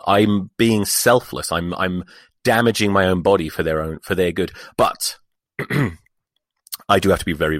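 A man's voice: deep voice, no echo, studio quality. A middle-aged man hosting a podcast, chatting in a rambling, wry way and swearing casually. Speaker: podcast host. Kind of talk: casual solo chat. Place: United States.

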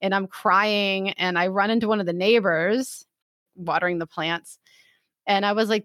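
A woman tells a story in relaxed conversation, lively and animated as she acts out what she and others said. Her voice sits at a middle pitch. The sound is dry and close, with no room echo. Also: normal speed. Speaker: storyteller in a chat. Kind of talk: casual chat.

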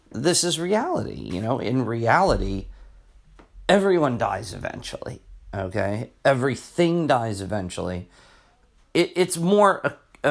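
A middle-aged man, a teacher hosting his own podcast, talking in a rambling, chatty way full of restarts. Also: mid-range voice. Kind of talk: casual solo podcast monologue.

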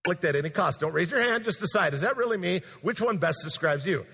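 A man preaching a sermon as pastor, telling an animated story with acted-out quotes before a congregation in a large church. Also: high voice, fast, husky. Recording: long church hall reverb.

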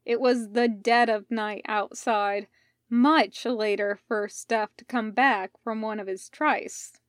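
Woman reading a fanfic audiobook, calm, slow, dry close sound. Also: a little high, dry recording. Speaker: podfic reader. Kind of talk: audiobook narration of fan fiction.

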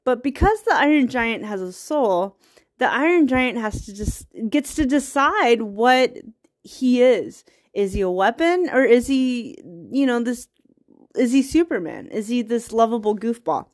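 A woman's voice: on the high side, lively intonation, a little slow. A young woman eagerly retelling a film's plot in casual, rambling talk, laughing often and getting teary. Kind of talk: casual movie recap.

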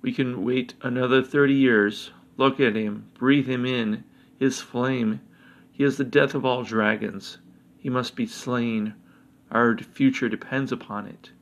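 A man's voice: mid-range voice, steady tone, unhurried, natural voice. Bronze dragon growling, suspicious and hostile, a man puts it on. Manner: growling, urgent.

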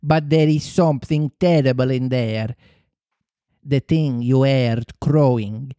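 A man's voice: medium pitch, steady tone, slow, mellow, smooth, no echo, clean studio sound, close to an everyday voice. A man putting on an Italian accent to voice a frightened, haggard male pirate who speaks hollowly, almost gibbering. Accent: put-on Italian.

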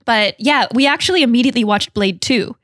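A woman co-hosting a film podcast, talking with bubbly enthusiasm and giggling between phrases. Her voice sits a little high. The recording is dry and close, with no room sound. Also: fairly quick, a bit bright, no room sound. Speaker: podcast co-host. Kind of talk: casual chat.

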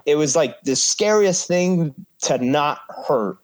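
Animated wrestler telling a ring story. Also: male voice, a little high, slow pace. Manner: animated, swears freely, acts out quotes. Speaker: pro wrestler guest. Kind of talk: casual storytelling.

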